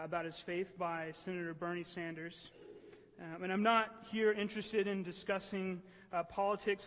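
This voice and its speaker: A man preaching a sermon in an earnest way, often checking with the room by asking "right?". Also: sits high. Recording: echoey hall, dull lo-fi sound.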